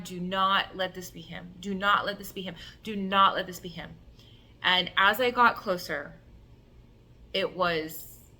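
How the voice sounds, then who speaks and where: A woman telling an emotional personal story in an animated way, acting out the voices and filling her talk with "like". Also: mid-range voice. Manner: animated, acts out voices and cries, many "like" fillers. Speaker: self-love coach telling a personal story.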